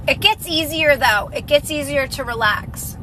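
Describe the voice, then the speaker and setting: A woman's voice: high-pitched, normal speed, background noise. A woman giving casual, repetitive, reassuring advice on a live stream and answering viewer comments as a manifestation coach.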